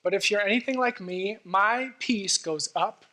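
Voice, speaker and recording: A man's voice: high voice, a little slow, bright, forceful tone. A man giving a sermon as guest preacher in a church, earnest and conversational, with frequent fillers.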